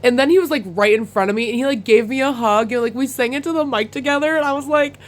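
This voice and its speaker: A young woman vlogging in a casual chat, talking in an excited, rambling way with lots of "like" and "oh my God.". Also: on the high side, fast. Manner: chatty and excitable, full of "like" and "oh my God"; bursts into laughter while recounting.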